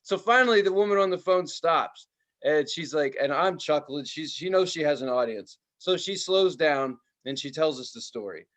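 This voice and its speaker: A male podcast co-host telling stories in loose casual chat, and his voice sits high with a bright, forward edge. He throws in swearing and jumps into loud imitations of the people in his story. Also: moderate pace. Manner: animated storyteller, mimics others loudly, swears freely.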